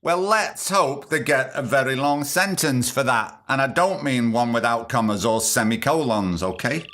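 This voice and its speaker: A man's voice: mid-range voice, lively intonation, normal speed, fairly bright tone. A man hosting a casual news podcast, reading stories aloud and adding cheeky, sarcastic asides. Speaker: podcast host.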